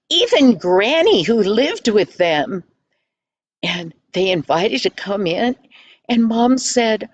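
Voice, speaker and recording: An older woman telling a children's story in a homely, gentle, folksy way. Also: a little high, no echo.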